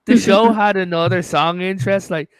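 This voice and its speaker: Man, podcast host, rambling storyteller, smooth clear voice, dry close sound. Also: high voice, normal speed, no room sound. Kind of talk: casual chat.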